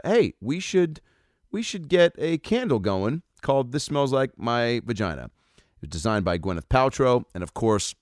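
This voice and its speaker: A man's voice: low-pitched, smooth, dry recording, clean studio sound. A man hosting a comedy podcast, reading news articles aloud and riffing on them with loose jokes and swearing. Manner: joking, loose, swearing, lots of fillers and asides.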